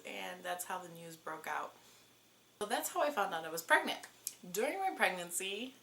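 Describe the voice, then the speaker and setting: Young woman vlogger in her twenties, chatty and lively; bright, slightly low voice. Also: normal speed, a little hiss or hum. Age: 20s. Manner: chatty, lively, many fillers. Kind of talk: casual storytelling.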